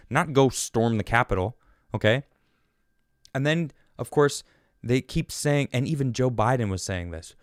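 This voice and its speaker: A man's voice: medium pitch, moderate pace, clear, resonant tone, dry recording, studio quality. A man hosting his own show, giving an indignant, rambling political monologue full of restarts. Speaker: show host.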